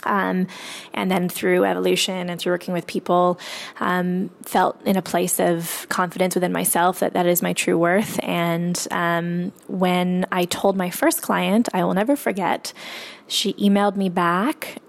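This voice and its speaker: A woman's voice: on the low side, fairly even intonation, a little slow, vocal fry. A woman author and coach telling a candid, casual story about money, swearing freely and using many fillers.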